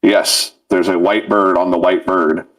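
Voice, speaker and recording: A man's voice: deep voice, little pitch movement, a little slow, fairly bright tone, distant mic, rough recording. A man co-hosting a casual podcast, talking loosely about a video game and swearing often. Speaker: podcast co-host.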